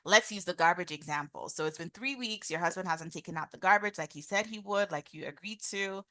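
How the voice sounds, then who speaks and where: A woman's voice: on the low side, brisk, pushed and bright, no echo, studio quality. A woman hosting a live talk on communication, teaching in a casual way, improvising examples aloud and repeating her questions. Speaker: host and communication coach.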